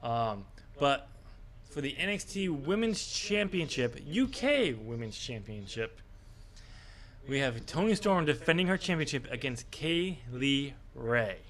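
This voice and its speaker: A man's voice: mid-range voice, big pitch swings, measured pace, a bit bright. A man co-hosting a casual wrestling predictions podcast, talking in a hesitant way with many fillers. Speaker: podcast co-host.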